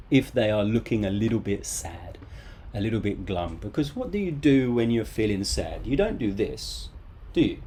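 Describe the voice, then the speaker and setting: A man's voice: lowish voice, dark tone, slight background noise. A man in his thirties teaching a live online English lesson from home, casual and chatty with joking asides.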